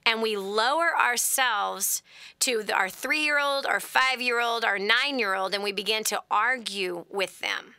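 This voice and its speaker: A woman hosting a radio call-in advice show, telling stories in an animated way and sometimes dropping to a whisper. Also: on the high side, a little slow, clean tone, no echo. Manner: animated, laughing, drops to a whisper at times. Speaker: host.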